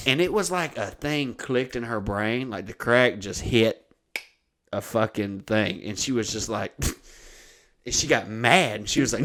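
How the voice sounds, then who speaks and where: A man's voice: on the low side, normal speed, fairly bright tone. A man, hosting a podcast and telling a crude, rambling story in casual chat. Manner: profane, rambling anecdote-telling. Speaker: podcast host.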